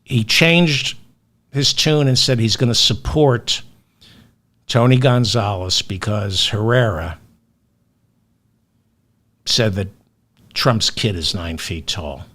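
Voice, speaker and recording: A man hosting a solo news commentary show, talking in a sardonic, indignant way with long pauses between phrases. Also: lowish voice, a bit bright. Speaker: political commentary host.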